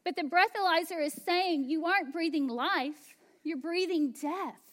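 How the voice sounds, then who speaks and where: A woman pastor in her thirties preaching a sermon, slow and emphatic, dropping to hushed asides. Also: very high voice.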